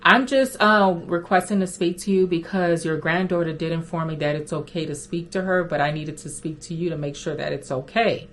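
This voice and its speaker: A woman quoting her female supervisor in a polite, measured customer-service manner. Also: lowish voice, a bit bright, slight background noise, close to an everyday voice. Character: calm female work supervisor verifying a caller.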